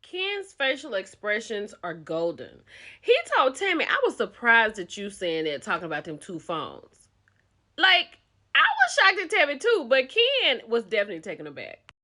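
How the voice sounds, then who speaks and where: Animated chatty woman recapping a show. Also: a little high, moderate pace. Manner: chatty, animated storytelling with quoted lines. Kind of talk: casual reality-show recap.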